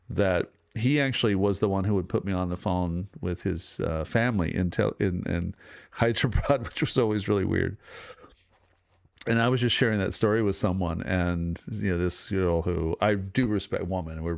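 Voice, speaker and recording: Brief middle-aged male host, low voice, dry close sound, casual rambling commentary. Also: gravelly, no echo. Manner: rambling, digressive, with many fillers and restarts.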